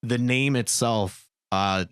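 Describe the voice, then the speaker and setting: A man with a medium-pitched, clean voice hosts a relaxed podcast, speaking slowly in casual chat. He rambles and restarts sentences, repeating words as he goes. The recording is close and dry, with no sense of a room around him.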